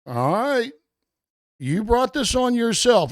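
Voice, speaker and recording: Excitable, profane game commentator. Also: mid-range voice, a little slow, dry recording, clean studio sound. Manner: excitable, mock-panicked, swears freely, stammers and repeats itself; slips into a gruff, bossy police-officer act. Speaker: host. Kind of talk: profane, joking gameplay commentary.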